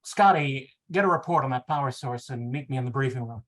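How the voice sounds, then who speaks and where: A man's voice: mid-range voice, fairly quick, fairly bright tone, close to an everyday voice. A man reading the lines of a commanding lead actor in a novel excerpt. He speaks in an authoritative way. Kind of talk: read-aloud novel excerpt.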